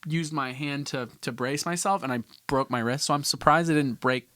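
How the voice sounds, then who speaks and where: A man's voice: medium pitch, moderate pace, fairly bright tone, no room sound, studio quality. A young man from Canada hosting a podcast, telling a story in a loose, rambling way with lots of restarts and casual swearing. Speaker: podcast host.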